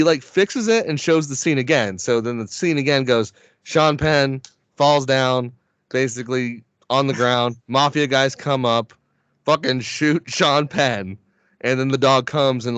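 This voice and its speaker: A man spinning a story in casual podcast chat, loud with his swearing and quick to laugh mid-sentence. He drops into little voices for the people he quotes. The sound is dry and close, with no room around it. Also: medium pitch, clean tone, dry recording. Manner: profane, animated retelling with laughs. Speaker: podcast host.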